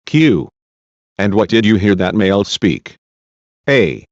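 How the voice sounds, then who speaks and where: Male host reading a deposition aloud, slow, low lively voice, dry dull lo-fi sound. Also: dry recording. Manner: reads speaker labels aloud. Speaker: channel host reading a court transcript. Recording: dull lo-fi recording.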